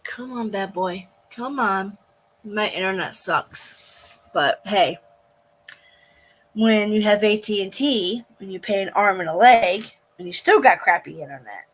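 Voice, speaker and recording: A woman's voice: mid-range voice, a little slow, slightly rough. A woman hosting a casual livestream reaction to a court broadcast, talking bluntly to her chat, venting indignantly and swearing often. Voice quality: blunt and profane, with frequent swearing. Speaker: livestream host.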